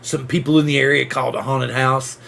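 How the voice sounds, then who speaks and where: Gravelly-voiced excitable male host. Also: mid-range voice, a little fast, a little hiss or hum. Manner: excitable, acts out sound effects, rambling restarts. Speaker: drone show host. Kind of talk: casual live-stream chat.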